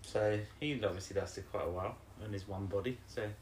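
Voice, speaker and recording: A man's voice: lowish voice, a little fast, a little mellow, echoey room, slight background noise. A man co-hosting a casual podcast, rambling and hesitant, with plenty of fillers and jokey asides. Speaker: podcast co-host. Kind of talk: casual chat.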